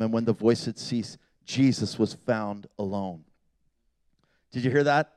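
A man preaching a sermon with passion, swinging from loud appeals to hushed, quiet asides. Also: medium pitch, fairly even intonation, a little slow, smooth, dry recording.

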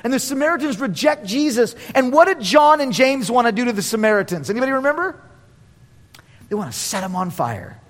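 A man preaching a sermon as pastor, animated, acting out quotes in voices and laughing often. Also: very high-pitched, fairly quick. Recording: long reverb of a large hall.

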